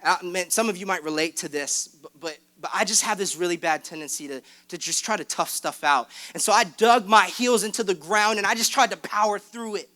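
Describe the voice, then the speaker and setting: Speaking quickly and barely pausing, this young man delivers a sermon as a youth pastor on a church stage. He's frank and pokes fun at himself, then rises to passionate urging, his high voice bright and forceful.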